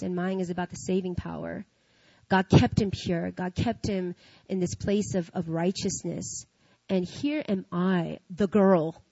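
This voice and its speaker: A woman's voice: mid-range voice, no echo. An earnest woman tells her faith testimony in a confessional, heartfelt way, often checking in with "you know what I mean." Her voice sits in a middle register. The recording is dull and lo-fi with a dry, close sound. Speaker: speaker sharing a personal testimony. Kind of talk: emotional faith testimony to an audience.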